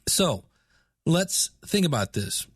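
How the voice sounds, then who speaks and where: A man's voice: fairly high pitch, big pitch swings, slow, husky, no echo, studio quality. A man hosting a podcast, explaining setup tips in a chatty, casual way. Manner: chatty, explanatory, with filler words. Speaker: podcast host.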